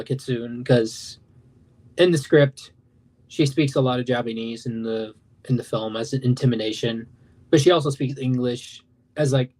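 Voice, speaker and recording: A man's voice: mid-range voice, a little mellow. A young man in his late teens, an animation creator, rambling casually on a livestream. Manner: rambling, loose, self-interrupting.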